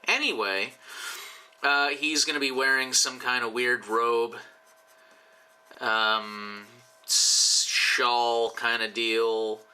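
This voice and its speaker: A man's voice: medium pitch, fairly even intonation, takes it slowly, bright, forceful tone, clean tone, poor audio. A tipsy man rambling and joking with profane asides while he draws for his channel. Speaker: YouTuber drawing commissioned art. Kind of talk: casual rambling commentary while drawing.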